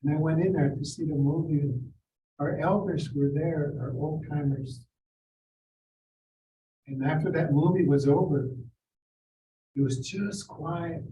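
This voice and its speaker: Older man, mellow and slightly high, recounting memories from a distance with room echo. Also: steady tone, a little hiss or hum. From Seneca Nation. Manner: measured, reflective, quotes people in acted voices. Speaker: forum speaker. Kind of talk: personal storytelling. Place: school district forum room. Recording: roomy, distant mic with faint ambience.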